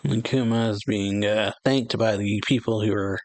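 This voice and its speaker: A man's voice: fairly low pitch, fairly even intonation, normal speed, a little mellow. A man hosting a casual reaction to a comic chapter, reading the panels aloud and narrating them loosely, with frequent chuckles and fillers. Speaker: reaction channel host.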